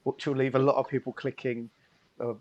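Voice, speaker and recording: A man's voice: medium pitch, level tone, brisk, lo-fi sound. A man hosting and running a tabletop game stream, joking and slipping into mock French phrases. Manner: playful, jokey, slips into a mock French accent. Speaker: game master.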